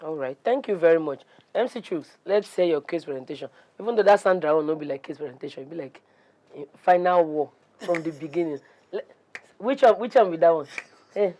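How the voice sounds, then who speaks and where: A woman with a Nigerian accent hosting a debate talk show, brisk and encouraging as she moderates. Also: low-pitched, expressive, warm tone.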